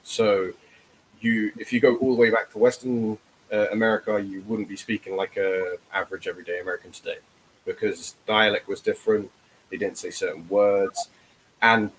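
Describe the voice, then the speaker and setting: A man chatting on a livestream, his voice sitting low. He explains at length and restarts his sentences often, with a faint hiss under the recording. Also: poor audio. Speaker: actor guest. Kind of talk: casual livestream chat.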